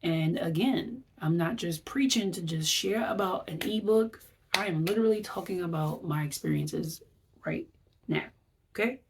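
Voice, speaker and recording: A woman's voice: lowish voice, moderate pace, husky. A woman wellness vlogger giving a chatty, rambling recap, acting out her reactions as she talks. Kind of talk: casual vlog recap.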